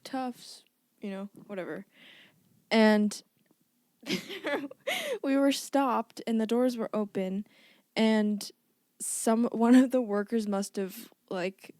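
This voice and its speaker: A woman's voice: medium pitch, darkish tone, dry recording, clean studio sound. A woman co-hosting a podcast, telling a rambling story with frequent giggles and fillers. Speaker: podcast co-host. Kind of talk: casual chat.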